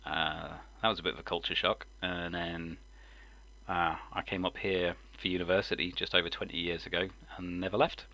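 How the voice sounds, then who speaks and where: A forceful, bright, low voice with little pitch movement comes at a normal speed from a man in his forties. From Lincolnshire, England, and carrying a mixed English accent with a mild southern lean, he rambles casually on a live stream, often chuckling and saying um.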